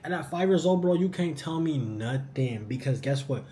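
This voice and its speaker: A young man answering viewer questions in a casual vlog, animated and slangy. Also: on the high side, normal speed. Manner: animated, slangy, says "bro" often.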